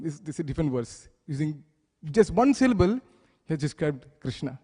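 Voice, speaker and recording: A man's voice: on the high side, big pitch swings, a little fast, warm tone, breathy edge, in a large hall. A man giving a devotional scripture class, explaining words step by step and asking the listeners questions. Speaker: temple class speaker. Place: temple hall.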